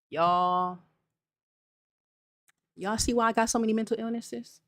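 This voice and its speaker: A woman's voice: on the high side, steady tone, a little slow, fairly bright tone, dry recording, studio quality. A woman hosting a live check-in, reading viewer comments and talking candidly and directly to her audience. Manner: candid, talks straight to viewers with "y'all". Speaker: channel host.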